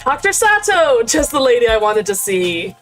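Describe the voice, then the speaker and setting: A woman's voice: fairly high pitch, sing-song, moderate pace, soft background music, rough recording. A woman reading the lines of a composed, observant young woman investigator in a story game.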